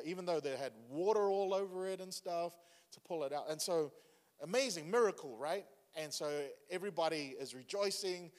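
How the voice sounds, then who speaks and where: A man delivers a sermon with loose, chatty energy, often turning to the congregation with questions. His voice sits fairly high for a man. The recording rings with the long reverb of a large hall. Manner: conversational, animated preaching with asides to the congregation. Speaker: pastor.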